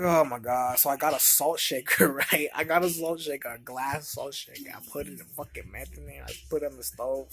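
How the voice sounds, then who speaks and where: A man's voice: medium pitch, fairly bright tone. A man telling a personal story in a casual, profane, slang-heavy way. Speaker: vlogger.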